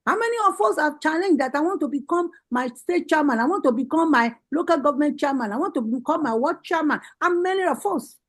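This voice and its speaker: The party's women's leader, a Nigerian woman with a high-pitched voice, rallies listeners over a video call, repeatedly and passionately urging them to act. The recording quality is low.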